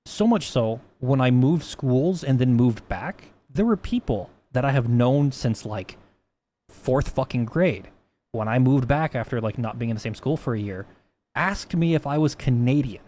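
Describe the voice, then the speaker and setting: A man's voice: mid-range voice, animated, moderate pace, mellow. A man streaming casually while he codes, rambling and swearing, often restarting his sentences. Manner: rambling, profane, frequent restarts. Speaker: livestreamer. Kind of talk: casual livestream chat while coding.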